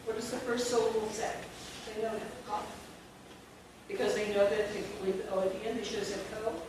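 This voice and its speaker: A woman's voice: mid-range voice, steady tone, background noise. Teacher woman, echoey far-off room. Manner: slow, deliberate word-by-word enunciation with frequent "okay?" checks. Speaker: teacher trainer. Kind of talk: classroom phonics lesson for teachers.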